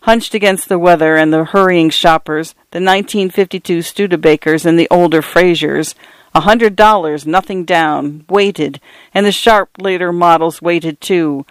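Dry, measured man reading fiction. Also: on the high side, clear, resonant tone, dry recording. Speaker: audiobook narrator.

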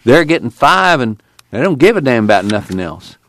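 A man's voice: mid-range voice, moderate pace, voice pushed up. A man doing a weary drawling farmhand. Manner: flat, blunt, tired. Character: weary plainspoken young farmhand. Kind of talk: audiobook character voice.

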